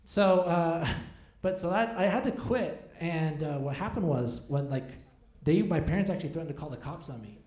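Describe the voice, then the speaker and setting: High-voiced rambling stand-up comic. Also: male voice, animated, moderate pace, a little mellow. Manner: rambling, self-deprecating, chats with the audience. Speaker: stand-up comedian. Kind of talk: stand-up comedy set with crowd work. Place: comedy club stage. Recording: echoey live room.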